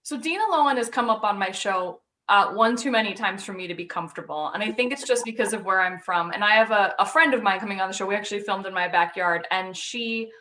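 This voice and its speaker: Woman host, bright and chatty, jokey and irreverent. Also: mid-range voice, fast, few pauses. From Long Island, New York. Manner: chatty, joking, swears casually. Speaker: podcast host. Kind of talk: casual chat.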